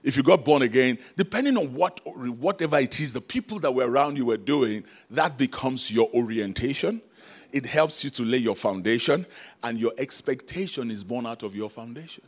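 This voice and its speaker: A man delivers a lively sermon, throwing rhetorical questions at the congregation and prompting responses. He laughs often between his points. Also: medium pitch, moderate pace. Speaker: preacher.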